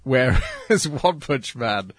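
A man chatting casually on a podcast, making measured, analytical points. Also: mid-range voice, animated, no room sound. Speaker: podcast co-host. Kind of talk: casual chat about anime.

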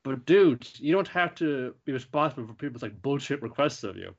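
A man's voice: mid-range voice, animated, brisk. Rambling, swearing young guy. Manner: rambling, heavy swearing, many fillers. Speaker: podcast host recapping an anime. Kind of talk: casual chat. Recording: dull lo-fi recording.

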